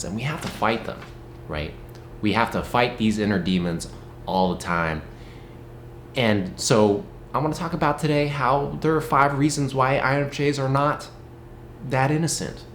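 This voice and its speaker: Young male vlogger, lively playful rant, echoey room, faint hiss. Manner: playful, mock-dramatic, jumps between loud outbursts and low asides. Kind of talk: casual animated vlog rant.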